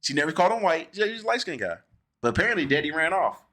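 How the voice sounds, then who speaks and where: Animated man reviewing a film, bright voice. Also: fairly high pitch, rapid-fire. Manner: animated, joking, lots of restarts. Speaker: host. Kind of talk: casual movie review chat.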